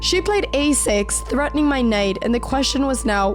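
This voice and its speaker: A woman narrating her own chess game in a calm, measured voice-over, slightly sick with an occasional crack in her voice. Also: high voice. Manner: calm, measured storytelling of moves. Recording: voice-over with faint background music.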